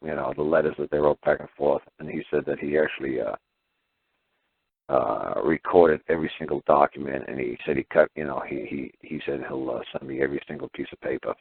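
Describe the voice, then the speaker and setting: A man with an extremely low voice and plenty of vocal fry talks casually and animatedly, slipping into the voices of people he quotes. The sound is dry and squeezed thin, like a phone call. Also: fairly even intonation, fairly quick, no room sound. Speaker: caller. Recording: dry tinny phone line.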